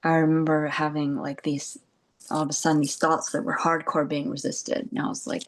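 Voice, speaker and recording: A woman, a spiritual teacher, giving a meditative talk, soft and meandering, with frequent "you know" and light laughter. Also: deep voice, level tone, normal speed.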